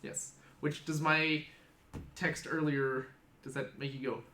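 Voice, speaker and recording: A man acting as game master, chatting and explaining in a lively way. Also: on the high side, slow pace. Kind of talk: running a tabletop game, casual chat. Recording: echoey room with faint background hum.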